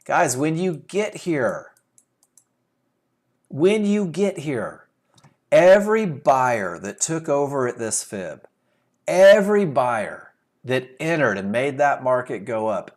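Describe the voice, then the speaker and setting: Animated man teaching a trading webinar. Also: mid-range voice. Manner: emphatic, rhetorical questions, repeats key phrases. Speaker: trading instructor.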